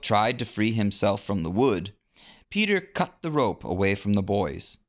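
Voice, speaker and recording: Unhurried, expressive storybook reader man. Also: fairly low pitch. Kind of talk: storybook narration.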